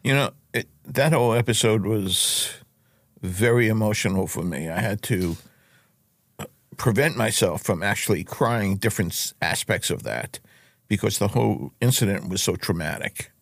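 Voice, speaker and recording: A man's voice: on the low side, lively intonation, moderate pace, vocal fry, no echo. An older man, a guest on a podcast interview, speaking casually in a studio, playful at times and earnest at others. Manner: giggly and playful, then earnest. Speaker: guest, host's father.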